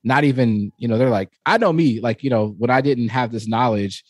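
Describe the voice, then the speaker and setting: A man in his thirties talks through a casual podcast conversation. His delivery is animated and full of fillers, and he laughs as he tells stories. His voice sits at a middle pitch in a dry, close setting. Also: fairly quick, no echo. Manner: animated storyteller, frequent fillers, laughs while talking. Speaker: podcast co-host.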